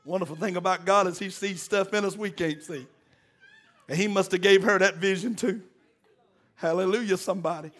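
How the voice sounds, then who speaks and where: A man's voice: high voice, fairly even intonation, normal speed, fairly bright tone. A man preaching a sermon, exhorting the congregation in call-and-response and mixing in folksy jokes.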